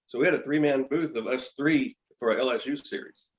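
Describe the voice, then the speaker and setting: A man in his fifties, a podcast guest, telling animated stories in casual chat, often chuckling and repeating words. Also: mid-range voice, a little fast, poor audio. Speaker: podcast guest, former pitcher. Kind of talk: casual storytelling.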